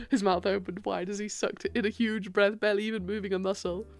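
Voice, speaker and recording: A woman streamer reading a dating game aloud and reacting, excitable, squealing and laughing often. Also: mid-range voice. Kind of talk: live game read-along and commentary.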